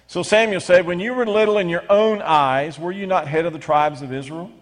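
A middle-aged man preaches with lively emphasis, doubling back on his words as he reads scripture aloud. His voice sits a touch high for a man. A long reverb hangs on every phrase, like a big church sanctuary. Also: brisk. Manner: animated preaching with frequent restarts. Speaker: pastor. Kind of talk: sermon.

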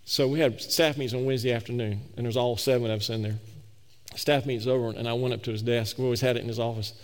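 A middle-aged male pastor tells a story from the pulpit in a folksy, animated way, repeating himself as he goes. His voice sits at an ordinary male pitch, and long reverb from a large sanctuary trails after every phrase. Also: fast. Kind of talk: storytelling sermon.

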